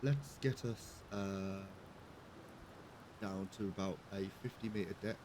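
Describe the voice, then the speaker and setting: A man's voice: low-pitched, takes it slowly, background noise. A young British man giving casual live commentary on a game, chatty and giggly, swearing now and then. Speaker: streamer.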